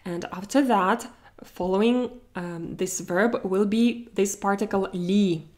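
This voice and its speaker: Female language tutor, unhurried, mid pitch, careful drill-style delivery. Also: a little mellow. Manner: slow, careful modeling of Russian example sentences. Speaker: Russian language teacher. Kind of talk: explaining grammar to learners.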